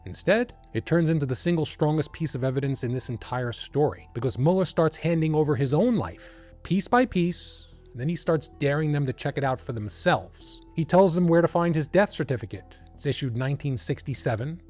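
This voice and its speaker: A man's voice: a little high, animated, a little fast, few pauses, darkish tone, faint music behind. Dramatic male documentary narrator. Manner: dramatic storytelling, with asides to the listener.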